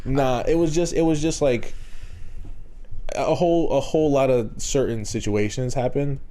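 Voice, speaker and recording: A man's voice: medium pitch, normal speed, warm tone. A man co-hosting a podcast, telling a rambling, profane workplace story with frequent laughs. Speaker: podcast co-host. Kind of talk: casual storytelling chat.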